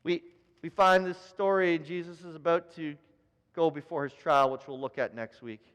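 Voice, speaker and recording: A man's voice: fairly high pitch, fairly even intonation, moderate pace, smooth. A man, a pastor, preaching a sermon and telling a story, building to emphatic repeated phrases. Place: church sanctuary. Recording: church hall reverb with soft keyboard music.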